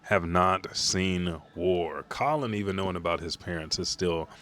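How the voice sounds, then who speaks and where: A man's voice: low-pitched, measured pace, fairly bright tone. Casual, cussing man reacting live. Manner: casual, profane, laughing asides. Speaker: host. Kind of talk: live comic reaction commentary.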